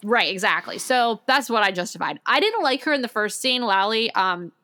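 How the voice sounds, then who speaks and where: A woman co-hosting a podcast in casual chat, talking in an animated, enthusiastic way. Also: mid-range voice, moderate pace. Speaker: podcast co-host.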